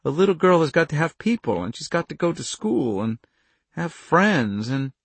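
A man voicing a worried, kindly middle-aged farm wife who speaks softly and anxiously. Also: fairly high pitch, big pitch swings, moderate pace, breathy edge, no echo, pitched above the performer's own voice, exaggerated voice. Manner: soft, anxious, pleading.

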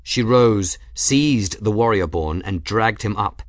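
A man reading a novel aloud as narrator, steady and measured. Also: on the low side, no room sound, clean studio sound. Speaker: audiobook narrator. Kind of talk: scripted narration.

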